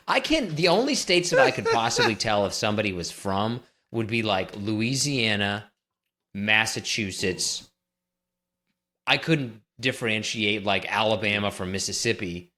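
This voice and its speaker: A man co-hosting a podcast, sarcastic and exasperated, launching into ranting riffs. His pitch swings widely as he needles his co-host. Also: lively intonation, normal speed, sharp tone. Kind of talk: casual banter.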